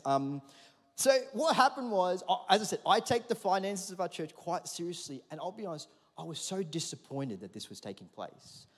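Lively pastor in a reverberant hall. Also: male voice, high voice. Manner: lively, conversational, with audience call-and-response. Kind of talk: sermon with storytelling. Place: large church auditorium.

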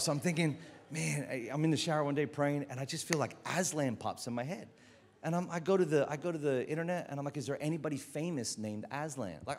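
Storytelling male pastor preaching. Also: medium pitch. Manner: storytelling, joking, acts out quoted voices. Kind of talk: sermon.

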